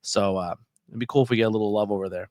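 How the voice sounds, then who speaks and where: A man co-hosting a casual wrestling podcast over a video call, talking in a relaxed, rambling way with lots of fillers and quick laughs. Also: lowish voice, dry recording, clean studio sound. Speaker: podcast co-host.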